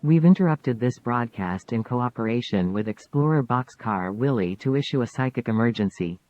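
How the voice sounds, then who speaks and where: A man voicing an emergency alert system announcer, flat and official. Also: mid-range voice, normal speed, no echo, close to an everyday voice. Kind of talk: mock broadcast alert announcement. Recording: dry, dull audio.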